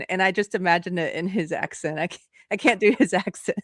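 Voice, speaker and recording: A woman's voice: fairly low pitch, moderate pace, dry recording, clean studio sound. Laughing woman host reading chat. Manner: laughs often, reads viewer super chats aloud. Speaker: livestream host. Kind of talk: casual live-stream chat.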